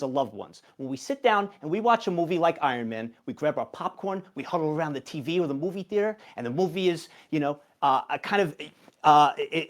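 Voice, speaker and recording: A speaker gives an earnest, speechy closing argument as the defense in a joking stream courtroom. The voice sits in a middle pitch. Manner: earnest speechifying, grows heated. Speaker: defense lawyer in a mock court. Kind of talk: comedic role-play stream.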